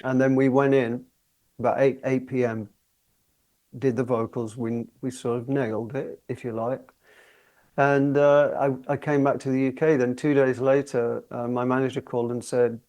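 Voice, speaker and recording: A man in his sixties, a guest singer telling stories in a relaxed interview, chatty and often laughing as he talks. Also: medium pitch. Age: 60s.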